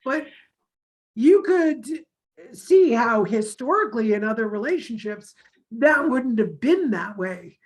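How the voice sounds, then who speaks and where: Chatty woman telling lively stories. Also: a little high, measured pace, rough recording. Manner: animated storyteller, acts out quoted dialogue. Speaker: course teacher. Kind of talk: casual conversation.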